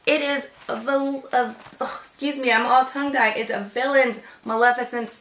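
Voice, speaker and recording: A woman's voice: fairly high pitch, steady tone, moderate pace, fairly bright tone, echoey room. A woman chatting casually as she unboxes a gift box, gushing and gasping, sometimes dropping to a whisper. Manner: gushing, gasps often, drops to whispers. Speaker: vlogger unboxing a swap box.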